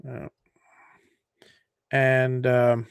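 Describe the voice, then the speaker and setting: A man hosting a live CNC tutorial, walking viewers through design software while thinking aloud, with fillers and self-corrections. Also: mid-range voice, monotone, drawn-out words, clean tone, no room sound, studio quality. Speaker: host of a CNC woodworking show.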